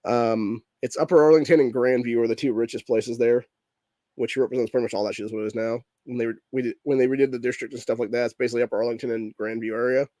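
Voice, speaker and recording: A medium-pitched man with a steady, dark tone talks fast in a studio-quality recording without echo. He's hosting a political podcast while sick, voice messed up, delivering an angry, heated rant packed with swearing and a "dude" at the end of nearly every line.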